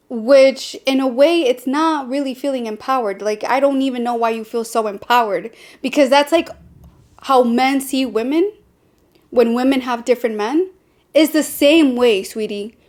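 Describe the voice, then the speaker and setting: A young adult woman hosting a podcast, talking candidly and bluntly about dating, with sassy, sarcastic asides. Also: a little high. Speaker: podcast host. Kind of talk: candid personal talk.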